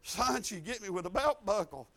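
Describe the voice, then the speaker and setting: High-voiced folksy preacher man. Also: lively intonation, normal speed. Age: 50s. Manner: folksy storytelling, swinging from low asides to loud emphatic preaching. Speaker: pastor. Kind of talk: sermon.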